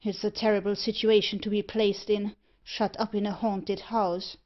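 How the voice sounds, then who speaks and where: A woman's voice: mid-range voice, little pitch movement, moderate pace, lightly acted. Woman reading a pompous, jumpy iron merchant. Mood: stiff. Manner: indignant and stiff. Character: frightened pompous old male iron merchant. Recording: muffled lo-fi audiobook recording.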